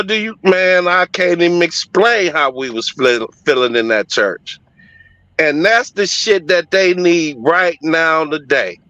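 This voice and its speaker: A middle-aged man tells a story in casual conversation, emphatic and profane yet heartfelt. His voice is fairly high-pitched and sharp with a clean tone, and the recording is dry, with dull lo-fi audio.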